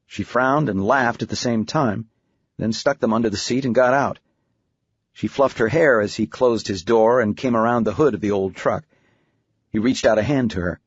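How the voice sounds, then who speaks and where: A male audiobook narrator with a mid-pitched, husky voice reads a script in an even, measured storytelling manner. He was recorded in a dry booth with no echo, and the sound is dull and muffled.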